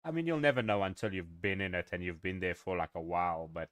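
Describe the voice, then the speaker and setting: Low-voiced streamer, rambling. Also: male voice, quick pace, a bit bright, dry recording. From South Africa. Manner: rambling, chatty with viewers, swears and chuckles. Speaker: game streamer. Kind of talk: casual live-stream chat.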